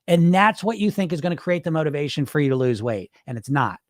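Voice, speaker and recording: A man's voice: fairly high pitch, big pitch swings, quick pace, dry recording, studio quality. A man coaching on weight loss in a livestream, answering chat in a blunt, profane, fired-up way.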